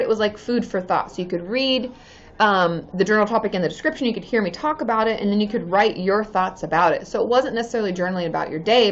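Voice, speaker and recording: A woman in her thirties, a therapist hosting a casual live stream, chatting with viewers in a bubbly way and cheering often. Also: medium pitch. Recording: slightly dull sound with faint music behind.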